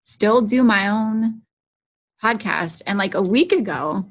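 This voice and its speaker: Husky-voiced woman hosting a chatty podcast. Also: medium pitch, animated, slow. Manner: chatty, filler-heavy storytelling. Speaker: podcast host. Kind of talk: casual podcast conversation.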